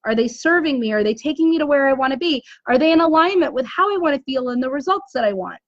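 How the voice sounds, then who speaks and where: A woman's voice: sits high, animated, quick pace, no room sound, dull audio. A woman business coach giving a motivational talk on a live stream indoors, asking rhetorical questions and tagging lines with "right?". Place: indoors, dim room.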